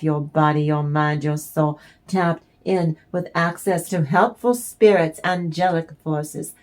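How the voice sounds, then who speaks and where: A woman's voice: low voice, a little mellow. A woman giving a channeled tarot reading in a blunt, emphatic way, with swearing. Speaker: tarot reader.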